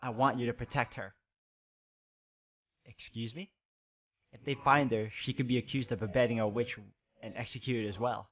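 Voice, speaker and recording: A man voicing a gentle, persecuted young man in a video game, reading formally and slowly. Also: medium pitch, fairly even intonation, close to an everyday voice. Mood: pleading. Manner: slow, solemn, formal reading. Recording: slightly dull, muffled sound.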